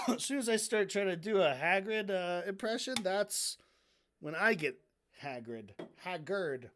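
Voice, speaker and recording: This streamer's voice sits at an ordinary middle pitch, and the delivery is loose and off the cuff. The host is sarcastic, swears a lot and keeps slipping into mocking impressions of the people being discussed. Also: expressive, measured pace, fairly bright tone. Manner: sarcastic and heavily profane; mocks people by acting out their lines. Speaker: streamer analyzing debates. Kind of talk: casual stream commentary.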